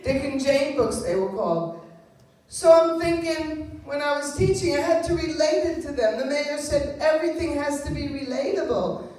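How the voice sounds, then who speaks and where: A woman in her 70s from Long Island, New York, performs a wry, self-deprecating stand-up set on a club stage. Her voice sits high with a darkish tone and moves at a normal speed. The recording has a roomy club sound, heard from far off.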